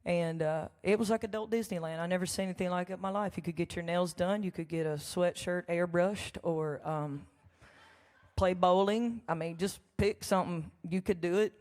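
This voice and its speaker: With a lowish, slightly mellow voice at a moderate pace, a songwriter entertains a live crowd between songs with a chatty, folksy, joking story and plenty of laughs and asides. The large church hall gives the audio a long reverb.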